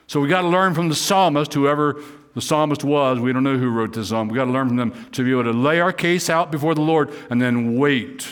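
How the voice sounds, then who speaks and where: A man preaching a sermon in church, talking conversationally with humorous asides and lifting his voice high and loud when he reads scripture or acts out imagined speakers. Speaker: pastor.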